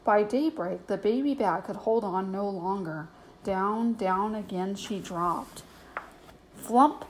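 Gentle woman reading a bedtime story. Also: mid-range voice, a little slow, a little hiss or hum, poor audio. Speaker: storybook reader, host.

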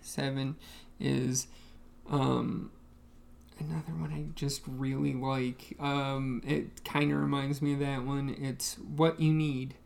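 A podcast co-host talking casually in a halting way, with many ums. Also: medium pitch, little pitch movement, vocal fry, a little mellow. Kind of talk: casual chat.

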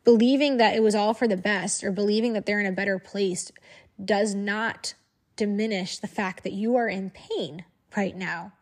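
A woman's voice: mid-range voice, fairly even intonation, moderate pace. A woman who makes online videos, speaking frankly and emphatically to camera and repeating phrases for force. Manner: frank and outspoken. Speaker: social media creator. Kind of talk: candid to-camera monologue.

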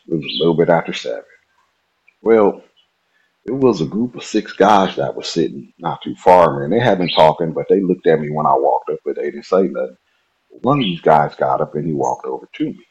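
Nebraska man, podcast guest, deep husky voice, relaxed chatty storyteller. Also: low-quality recording. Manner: relaxed, chatty, laughs at himself. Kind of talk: casual storytelling.

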